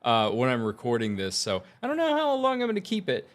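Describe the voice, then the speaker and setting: A tech vlogger talks fairly quickly in a mid-range voice marked by huge pitch swings. His casual vlog chat rambles over audio gear and his plans, peppered with fillers and easy laughter.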